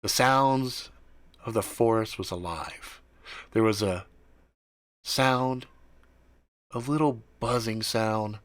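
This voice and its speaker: Slow, relaxed male storyteller. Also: on the low side, dry recording. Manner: relaxed, profane, drawn-out delivery. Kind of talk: improvised first-person storytelling.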